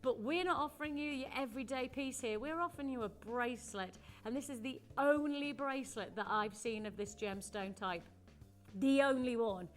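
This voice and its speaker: A high-voiced woman pitching jewellery on a live shopping channel, gushing and chatty, pressing viewers to buy now. She speaks from a studio with faint music playing underneath. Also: a little fast, hardly any pauses.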